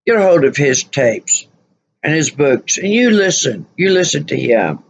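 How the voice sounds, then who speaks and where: A woman's voice: low-pitched, big pitch swings, a little slow, highs cut off, slight background noise. A woman vlogger telling a story casually, rambling and full of "you know" fillers.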